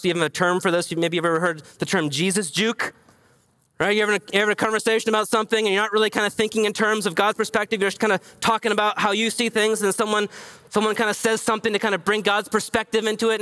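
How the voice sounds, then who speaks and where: A man preaching with a high, bright voice that carries. He talks casually and conversationally. He moves between raised, animated emphasis and quiet, near-whispered passages. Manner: casual, conversational phrasing with many fillers. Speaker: pastor. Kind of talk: sermon.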